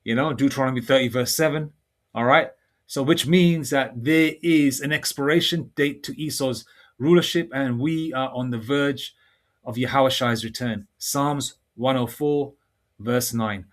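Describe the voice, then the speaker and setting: Man, informal scripture teaching, rambling conversational delivery, middle-pitched voice, slow deliberate verse reading. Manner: rambling and conversational, full of fillers; reads verses slowly and deliberately. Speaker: religious teacher.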